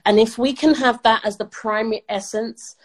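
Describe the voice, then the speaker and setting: A middle-aged woman from the UK speaks as a podcast guest, upbeat and emphatic. Her voice sits a little high, and she laughs easily as she talks. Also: fairly even intonation, moderate pace, low-quality recording. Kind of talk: motivational interview talk.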